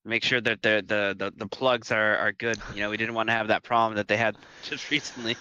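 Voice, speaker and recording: A man's voice: lowish voice, flat delivery, fairly quick, bright, forceful tone, clean tone, dry recording, dull audio. A man co-hosting a flight-simulator stream, chatting casually, rambling and restarting his sentences with chuckles. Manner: rambling, self-correcting, chuckles a lot. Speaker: stream co-host. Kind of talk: casual live-stream chat.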